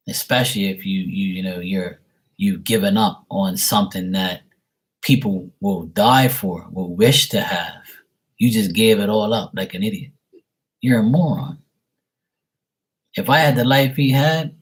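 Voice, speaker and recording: A man's voice: fairly low pitch, slightly rough. A man talking casually and bluntly, swearing freely and repeating himself as he vents about a family matter. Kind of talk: casual venting monologue.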